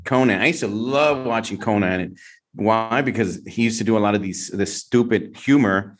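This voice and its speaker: A man's voice: on the low side, normal speed. A man hosting a podcast in casual chat, telling stories in a rambling way with many restarts. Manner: rambling, restarts often, animated storytelling.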